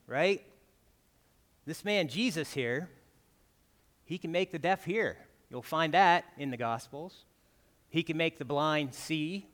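With a slightly high, somewhat bright voice, a man preaches as a guest in a church hall full of long reverb. His tone is conversational, and he repeatedly caps his points with "right?".

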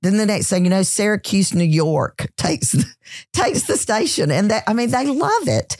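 Woman, Southern US accent, mid-pitched voice, animated storyteller, dry close mic. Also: moderate pace, no room sound. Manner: animated, many restarts and "you know"s. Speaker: celebrity chef and entrepreneur, guest. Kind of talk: casual interview storytelling.

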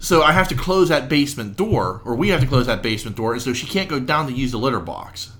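A man's voice: medium pitch, lively intonation, fast, a bit bright. A man co-hosting a podcast, telling a rambling household anecdote in casual chat. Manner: rambling anecdotes, acts out others' lines. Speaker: podcast co-host.

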